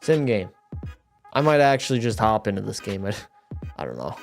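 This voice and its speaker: A young man livestreams a hockey game, talking to his chat while swearing and getting worked up, a little tipsy. His voice is on the low side at a moderate pace, with faint music in the background. The commentary is live, profane, and excitable.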